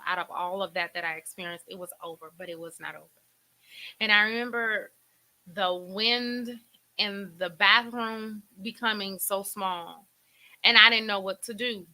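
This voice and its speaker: A middle-aged woman hosts a faith talk show, her voice very bright and sharp. She tells a painful personal story in an emotional, preacherly way, circling back and repeating words as she speaks. The delivery is that of a heartfelt testimony to listeners. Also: mid-range voice, fairly even intonation, unhurried, poor audio.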